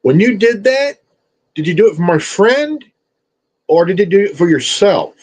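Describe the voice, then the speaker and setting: Brief: man, high lively voice, slow scolding profane rant. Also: husky, poor audio. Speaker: streamer. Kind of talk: confrontational rant.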